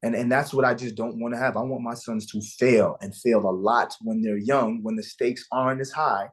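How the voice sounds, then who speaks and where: A man's voice: mid-range voice, fairly even intonation, normal speed. A man as an interview guest, earnestly and emotionally telling a personal story about fatherhood and acting out the dialogue.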